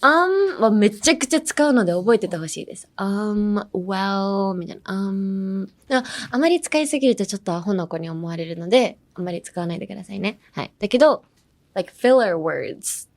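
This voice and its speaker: A woman's voice: medium pitch, lively intonation, very fast. Bubbly young woman teaching. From California. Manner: bubbly, switches between English and Japanese, many "um" and "like" fillers, laughs often. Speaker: podcast English teacher and idol. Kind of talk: casual English pronunciation lesson.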